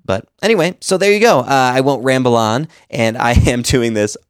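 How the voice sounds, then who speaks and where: A man's voice: medium pitch, expressive, normal speed, clear, resonant tone, no room sound, clean studio sound. A man and podcast host giving casual, conversational advice on editing, explaining with examples. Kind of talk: casual instructional talk.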